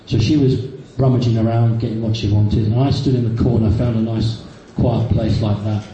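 A man's voice: lowish voice, steady tone, normal speed, mellow, muffled recording. A man in his fifties telling personal stories to a live audience, with many fillers and restarts, in an echoey hall. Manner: storytelling, frequent fillers and restarts. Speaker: speaker recounting personal experiences. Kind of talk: anecdotal talk to a live audience. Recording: very echoey hall, faint background noise.

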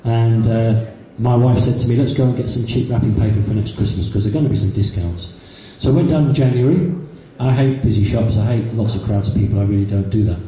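A man's voice: on the low side, quick pace, hardly any pauses, dark tone, highs cut off. A man in his fifties telling personal stories to a live audience, with many fillers and restarts, in an echoey hall. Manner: storytelling, frequent fillers and restarts. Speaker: speaker recounting personal experiences. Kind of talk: anecdotal talk to a live audience. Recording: very echoey hall, faint background noise.

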